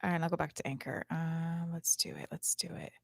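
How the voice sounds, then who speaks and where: A woman's voice: low voice, steady tone, fairly quick, vocal fry, a bit bright, dry recording. Woman in her 30s rambling on her podcast, candid, swears a lot, dry close sound. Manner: chatty, candid, profane, rambling with filler. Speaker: podcast host. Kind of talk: casual live-stream monologue. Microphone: home setup, streaming and recording at once.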